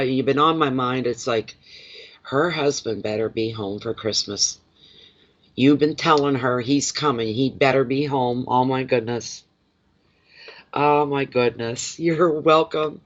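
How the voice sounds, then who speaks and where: A man's voice: mid-range voice, highs cut off. A middle-aged man and intuitive card reader, chatting emotionally and telling stories on a casual livestream.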